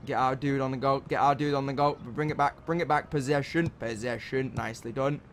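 A young man, giving casual commentary while playing a football video game and shouting encouragement and curses at the players. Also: mid-range voice, fairly even intonation, fairly quick, slight background noise. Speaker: gaming channel host.

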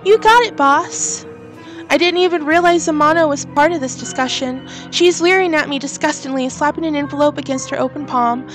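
A woman's voice: sits high, brisk, faint music behind, lightly acted. A woman voicing a brash, sneering female coworker in a horror game.

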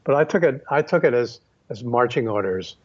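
A man recalling his past in a reflective, unhurried storytelling manner, pausing often and restarting his sentences. His voice sits at a middling pitch. The recording sounds dull and slightly lo-fi. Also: animated, breathy edge. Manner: unhurried, many fillers and restarts. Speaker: photographer guest.

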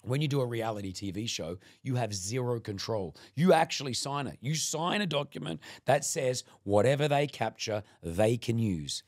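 A man's voice: medium pitch, moderate pace, hardly any pauses. A middle-aged man from Australia, a radio presenter chatting as a podcast guest and telling anecdotes, acting out what people said. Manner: animated anecdote teller, acts out quoted lines. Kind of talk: casual chat, storytelling.

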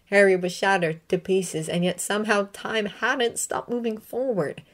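A woman reading a fanfiction story aloud with expressive, emotive delivery. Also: medium pitch, normal speed. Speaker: reader.

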